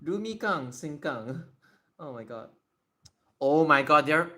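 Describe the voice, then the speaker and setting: Streamer, chatty and excitable, voice swinging widely in pitch, keys clacking faintly behind. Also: normal speed, a little hiss or hum. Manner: excitable, thinks aloud while typing. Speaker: livestreamer. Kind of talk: casual livestream Q&A.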